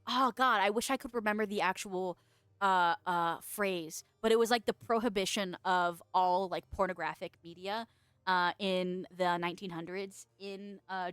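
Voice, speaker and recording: A woman's voice: medium pitch, a bit bright, smooth, dry recording. A woman VTuber streamer chatting casually with her viewers, rambling, laughing often and swearing freely. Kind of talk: casual livestream chat.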